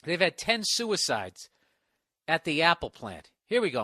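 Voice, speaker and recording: A man ranting through a solo podcast, exasperated and swearing as he rambles. His voice is bright and somewhat high for a man, recorded close and dry with no room echo. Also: sing-song, unhurried, husky. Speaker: podcast host.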